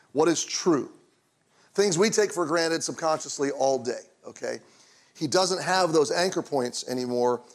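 A middle-aged pastor shares a personal story in a conversational sermon, his voice dropping quiet and low during the tender moments.

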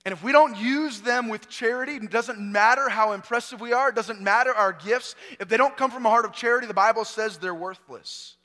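Pastor, 40s, male, high tenor with a bright edge, earnest sermon delivery in a reverberant hall. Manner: earnest, swings from loud emphasis to hushed storytelling.

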